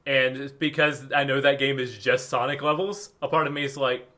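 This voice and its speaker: Brief: male podcast co-host, bright sharp tone, animated gaming chat with restarts. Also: mid-range voice. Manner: animated, quick, lots of restarts and acted-out quotes.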